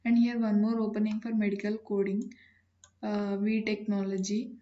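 A woman, hosting a channel and reading out job listings in a plain, businesslike way with frequent pauses. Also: mid-range voice, flat delivery, warm tone, highs cut off.

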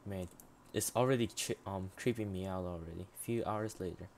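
A man hosting a game let's play, chatting and reading the on-screen text aloud, halting with frequent ums. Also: deep voice, a little mellow, slight background noise. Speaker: gaming channel host.

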